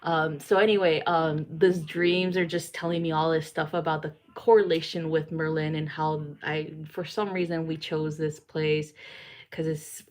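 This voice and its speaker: A woman's voice: low-pitched, level tone, moderate pace, darkish tone. A woman psychic reader chatting casually to viewers in a rambling way, with lots of fillers and swearing.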